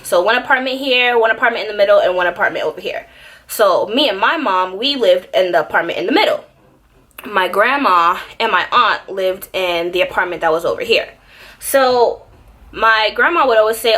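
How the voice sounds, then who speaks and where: Young woman, bright voice, casual story time vlog, dramatic and chatty. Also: medium pitch, normal speed. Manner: animated, dramatic, lots of "like". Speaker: beauty YouTuber.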